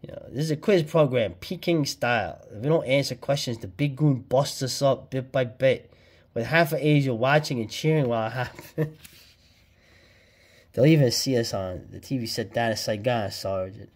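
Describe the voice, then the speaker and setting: Hosting a laid-back vlog, a man reviews an old comic book, chattering excitedly in slang and laughing often. His voice sits in the mid-range and moves at a normal speed.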